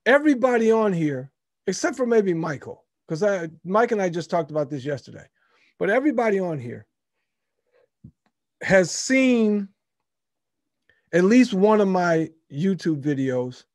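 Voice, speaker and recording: Upbeat southern host, highish voice, dry close sound, repeats himself, laughs a lot. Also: male voice, very animated, a little slow, pauses often, a little mellow, dry recording. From Memphis, Tennessee. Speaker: webinar host. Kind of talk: casual webinar talk. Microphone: video call.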